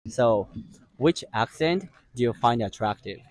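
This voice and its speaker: A man's voice: medium pitch, expressive, unhurried, a little mellow. Man interviewing. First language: Japanese. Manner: short, frequent nods. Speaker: street interviewer. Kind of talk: casual interview.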